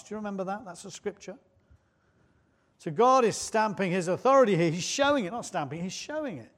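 A man's voice: sits high, expressive, moderate pace. A man preaching a sermon in church, conversational and often putting questions to the congregation.

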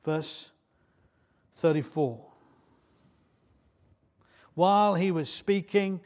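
A man's voice: a little high, takes it slowly, pauses often. A man preaching a sermon in church, conversational and often putting questions to the congregation.

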